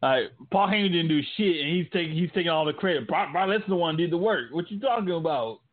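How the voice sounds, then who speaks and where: A man chatting casually, telling stories loosely and answering with quick short replies. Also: fairly high pitch, lively intonation. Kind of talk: casual chat. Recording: tinny phone-like sound.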